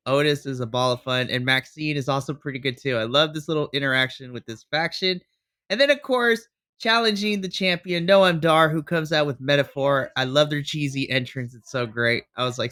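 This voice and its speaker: Bright-toned excitable American podcast man. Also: on the high side, normal speed. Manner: enthusiastic, excitable recapping. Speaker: podcast co-host. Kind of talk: casual wrestling recap.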